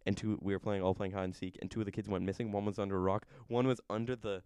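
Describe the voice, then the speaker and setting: A man's voice: lowish voice, level tone, very fast, darkish tone, clear, resonant tone, no room sound. A young man chatting casually, telling a rambling story and laughing at himself as he goes. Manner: rambling, self-amused storytelling. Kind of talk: casual chat.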